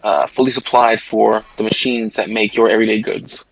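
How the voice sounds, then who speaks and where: A man's voice: on the low side, level tone, fairly quick, rough recording. A man in his thirties from the United States, talking casually on a voice chat, rambling and emphatic, swearing now and then. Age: 30s. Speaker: guest caller in a voice chat. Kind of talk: casual political debate on a voice chat.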